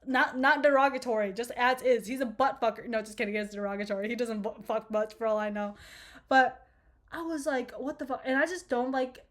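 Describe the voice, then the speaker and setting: Fast-talking young woman telling a story. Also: fairly high pitch. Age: 20s. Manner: rambling, profane, laughing asides. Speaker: vlogger. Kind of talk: casual storytime chat.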